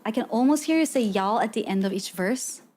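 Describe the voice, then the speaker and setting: High-voiced woman chatting on stream. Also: lively intonation, quick pace, dark tone. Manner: chatty, laughs often, reacts to chat; lots of "like" fillers and restarts. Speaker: VTuber streamer. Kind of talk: casual live-stream chat.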